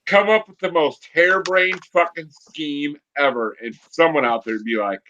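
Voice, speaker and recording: A man's voice: on the high side, moderate pace, sharp tone, a little hiss or hum. A man co-hosting a casual stream, rambling and swearing as he riffs on jokes. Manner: rambling, profane. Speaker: co-host. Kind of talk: casual banter chat. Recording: dull lo-fi mic.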